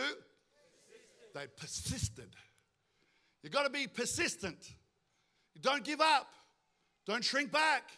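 A man's voice: extremely high pitch, pushed and bright. A man preaching a sermon with fervour, asking the crowd questions and acting out quoted voices. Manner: fervent preaching with call-and-response questions, acts out quoted voices. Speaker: pastor.

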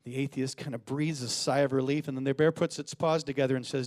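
A middle-aged man from California preaching a sermon as a guest pastor, energetic and joking, calling for amens. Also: mid-range voice, fast talker, few pauses.

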